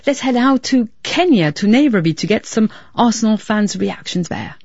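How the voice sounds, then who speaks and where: A woman presenting live news, linking between reports in a smooth, conversational way. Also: mid-range voice, expressive, moderate pace, darkish tone, no echo, highs cut off.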